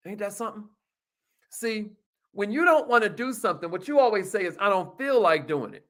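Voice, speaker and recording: High-pitched preachy motivational man. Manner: animated, preachy, folksy, calls out to listeners. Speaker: motivational speaker. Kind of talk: motivational talk to a live call audience.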